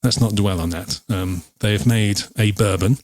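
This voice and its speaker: A man co-hosts a whisky show, chatting casually and rambling through explanations with lots of ums. His voice is fairly low, a little mellow and normally paced, captured as clean studio sound with no echo.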